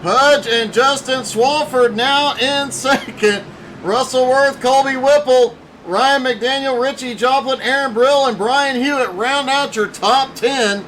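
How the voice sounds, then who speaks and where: A man commentating a sim racing broadcast from the booth, excitable and prone to laughing between calls. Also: extremely high pitch, slow, slight background noise, rough recording. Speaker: race commentator.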